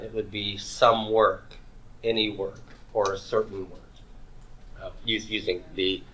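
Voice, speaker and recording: A man's voice: fairly low pitch, sharp tone, poor audio. A man teaching a Greek grammar class in a classroom, upbeat and joking as he leads the students through drills. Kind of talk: classroom lecture.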